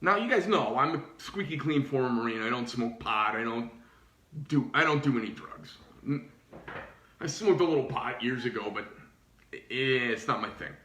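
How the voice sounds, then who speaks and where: Animated, profane man ranting in an echoey room. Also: mid-range voice, moderate pace. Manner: profane, animated, rambling with restarts. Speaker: knife shop owner. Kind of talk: casual rant.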